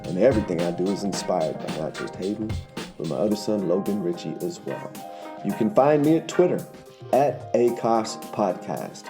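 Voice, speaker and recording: A man's voice: fairly low pitch, animated, moderate pace. A man hosting a casual family podcast, rambling and easygoing. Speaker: podcast host. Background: faint music.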